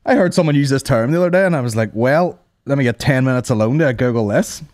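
A man's voice: mid-range voice, fast talker, darkish tone, no echo, clean studio sound. A man hosting a comedy podcast, ranting casually with plenty of swearing and laughing at his own jokes. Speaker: podcast host.

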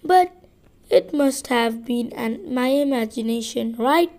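A woman reading a children's chapter book aloud, slow and deliberate, sometimes correcting and rereading lines. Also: fairly high pitch, lively intonation, darkish tone. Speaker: audiobook reader.

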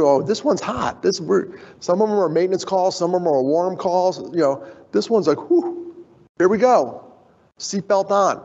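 In an echoey conference hall, a male speaker gives a storytelling talk, lively as he acts out the voices of people he quotes. His pitch is fairly high and slightly rough, and the recording sounds dull.

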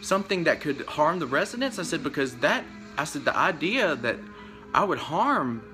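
Bright-voiced man ranting about his job. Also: big pitch swings, moderate pace, faint music behind. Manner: rambling, acts out both sides of a conversation; emotional, pitch jumps up when upset. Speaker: vlogger telling of being fired. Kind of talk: casual storytelling rant.

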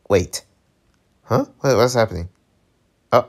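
A man's voice: on the low side, animated, moderate pace. A man hosting a channel where he reads a webcomic aloud, reacting with laughs and exclamations. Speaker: webcomic reader channel host.

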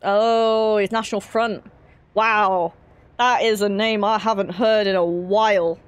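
A woman's voice: medium pitch, steady tone, measured pace, clear, resonant tone, no echo. A young woman streaming a horror game, chatty and giggly with rambling asides. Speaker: gaming streamer. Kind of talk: casual let's-play commentary.

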